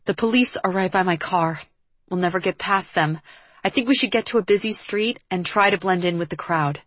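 A woman voicing a defiant, quick-tempered young woman who answers sharply. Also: lowish voice, no echo. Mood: assertive. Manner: sharp, retorting.

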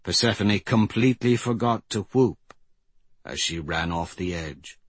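A man reading a fantasy audiobook in a measured, dramatic way, with his pitch rising in the tense passages. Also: breathy edge, no room sound. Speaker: audiobook narrator. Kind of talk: scripted fantasy narration.

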